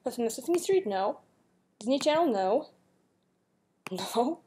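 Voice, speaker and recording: Warm-toned and sitting high, this young woman's voice is animated at a normal speed. She's a YouTuber playing a guessing game, casually chatting, giggling, and answering the questions she reads aloud.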